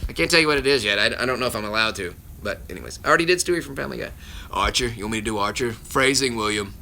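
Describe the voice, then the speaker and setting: A man's voice: mid-range voice, very fast, vocal fry, sharp tone, a little hiss or hum. A man, a voice actor, hosting a casual livestream from his phone at home and answering viewer questions in a rambling way, often cutting himself off and chuckling between answers. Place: at home with his children nearby.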